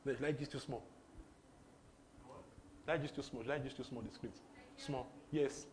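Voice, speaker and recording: A young man from Nigeria with a Nigerian English accent, preaching a lively sermon that repeats phrases and slips into pidgin. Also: mid-range voice, moderate pace, a little hiss or hum. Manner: animated, repetitive, breaks into laughter and pidgin.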